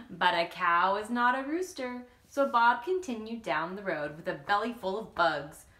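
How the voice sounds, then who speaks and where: A woman reads a picture book aloud to children, slow and unhurried, with her pitch swinging widely and playful asides to her listeners. Her voice is bright and fairly high, and the recording has a roomy echo. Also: expressive.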